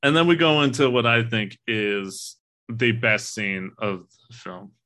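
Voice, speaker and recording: A man's voice: mid-range voice, unhurried, bright, forceful tone. A man in casual podcast talk, animatedly retelling a film scene and quoting its lines, with the odd swear.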